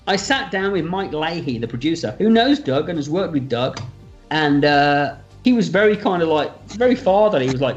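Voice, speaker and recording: A man's voice: fairly high pitch, a little fast, lo-fi sound, faint music behind. A man in a casual interview, telling a story with energy, swearing freely and acting out what others said. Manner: animated, swears freely, acts out quoted dialogue. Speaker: film writer and director, interview guest.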